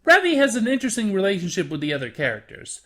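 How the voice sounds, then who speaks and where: A host narrating a scripted anime review in an expressive, animated way. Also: medium pitch, fast.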